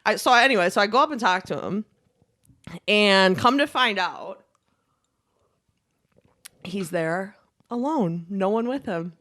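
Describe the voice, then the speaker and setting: A woman's voice: medium pitch, unhurried, pauses often, fairly bright tone. A young woman co-hosting a podcast, telling a vacation story in a rambling, casual way, with lots of swearing, fillers and laughs. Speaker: podcast co-host.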